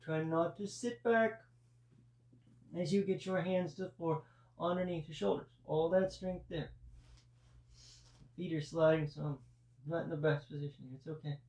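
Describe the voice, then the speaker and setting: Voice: mid-range voice, moderate pace, pauses often, darkish tone, distant mic. A yoga teacher guiding a live class through breath and poses, with chatty asides. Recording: roomy, voice from off-mic.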